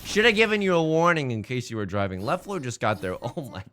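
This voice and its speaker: Lively, bright-voiced male streamer. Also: medium pitch, fast talker. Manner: jokey, rambling, repeats his own phrases; greets chat by name mid-sentence. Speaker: live streamer. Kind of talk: casual stream chat with gameplay commentary.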